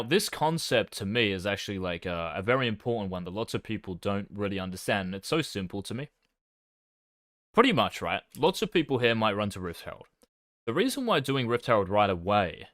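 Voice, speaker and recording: A man's voice: on the low side, a bit bright, no room sound, studio quality. A man casually commenting on his own gameplay as a coach, swearing now and then and making fun of himself. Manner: swears casually, self-deprecating. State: talking with his mouth full.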